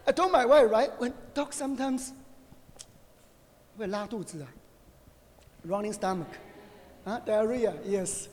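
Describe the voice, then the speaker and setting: A middle-aged man preaching a conversational sermon, animated and joking, often asking his listeners "right?". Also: extremely high pitch, moderate pace, long pauses. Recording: long reverb of a hall.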